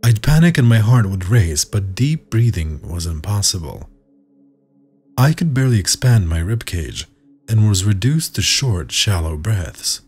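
A husky, low-voiced man reads a horror story with measured suspense. His pitch moves animatedly through the lines. Faint music plays underneath. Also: expressive, darkish tone. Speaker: narrator. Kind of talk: scripted horror story narration.

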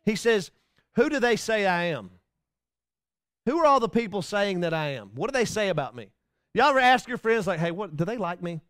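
A pastor, his voice sitting high for a man, preaches in church in a chatty, folksy way. He restarts phrases often and turns to the congregation with asides. The recording is dry and close. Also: very animated, normal speed, long pauses, a bit bright, dry recording. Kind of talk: sermon.

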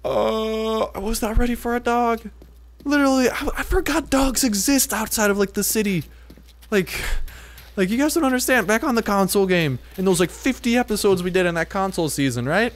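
A man giving casual let's-play commentary as a gaming video host, excitable and swearing, jumping into high-pitched yelps when startled. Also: normal speed, a little hiss or hum. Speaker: gaming YouTuber.

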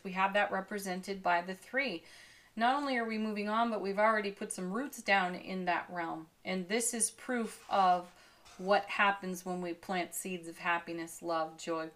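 A woman giving a daily tarot card reading, upbeat and effusive, with gentle laughs and soothing spiritual affirmations. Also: medium pitch. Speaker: tarot reader.

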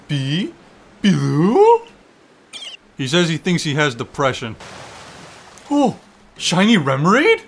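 A young man giving excitable, profane let's-play commentary, talking to the game and its creatures as he plays. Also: on the high side. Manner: excitable, swearing, talks to the game. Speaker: gaming YouTuber.

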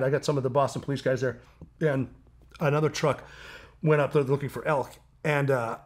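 A man as an interview guest, telling a long story with lively quoted voices and frequent laughter. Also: mid-range voice. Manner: animated storyteller, laughs often, mimics people in quotes.

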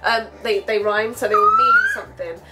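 Giggly English woman, lively high voice. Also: moderate pace, very noisy. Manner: giggly, laughs often while explaining. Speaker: vlog host. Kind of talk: casual chat.

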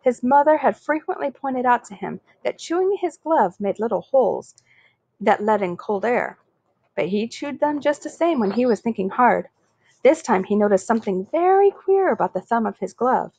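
A woman reading a children's chapter book aloud in a steady, expressive way. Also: a little high, moderate pace, dry recording. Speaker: story reader.

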